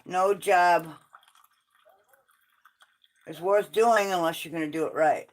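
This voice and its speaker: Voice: medium pitch, slow pace, rough recording. Blunt, opinionated livestream host. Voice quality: opinionated, blunt, swears freely. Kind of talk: casual livestream chat.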